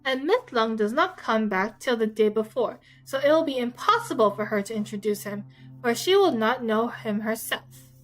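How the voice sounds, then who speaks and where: A woman voicing a fretful, excitable middle-aged mother, complaining in a shrill, fussy way. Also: normal speed, poor audio. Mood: fussing.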